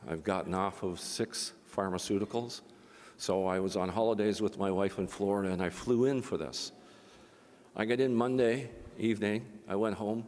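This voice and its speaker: A man's voice: on the low side, normal speed, a little mellow. An older man moderating a conference, telling a personal story and then making an impassioned appeal, his speech slightly slurred from facial palsy. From Canada. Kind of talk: conference talk. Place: large conference hall. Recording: long hall reverb.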